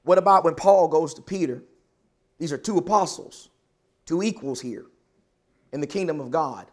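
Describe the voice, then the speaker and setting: A man teaching from scripture in an earnest, questioning way, with a voice a touch higher than most men's. He slows down to press on the words he wants remembered. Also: darkish tone. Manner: earnest, questioning, stresses key words slowly. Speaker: preacher. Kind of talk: Bible class sermon.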